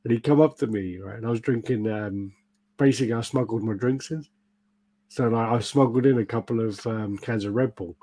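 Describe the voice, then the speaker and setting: Swearing as he goes, a British man on his podcast spins stories in relaxed conversation and performs the quotes. He speaks briskly in a warm, medium-pitched voice.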